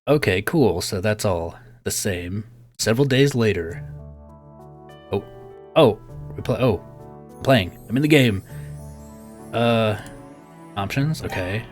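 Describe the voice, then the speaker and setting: A man giving casual game commentary, chatty and thinking aloud, laughing often. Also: medium pitch. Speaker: let's play host.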